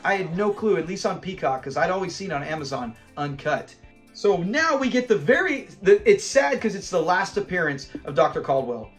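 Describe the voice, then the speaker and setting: A man's voice: sits high, big pitch swings, normal speed, soft background music. A man hosting a fan channel, chatting casually and animatedly as he recaps a classic sitcom episode, rambling and chuckling often. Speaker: fan commentary host.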